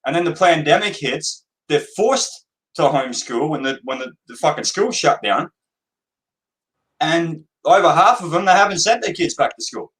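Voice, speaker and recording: A man's voice: a little high, expressive, normal speed, a bit bright, low-quality recording. A man in a casual chat, speaking frankly and swearing now and then.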